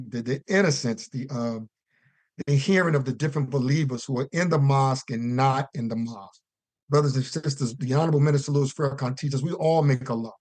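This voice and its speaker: A man's voice: mid-range voice, no room sound. A man calling in to a religious conference call, giving an earnest, preacher-like testimony and stretching out key words. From US East Coast. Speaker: caller.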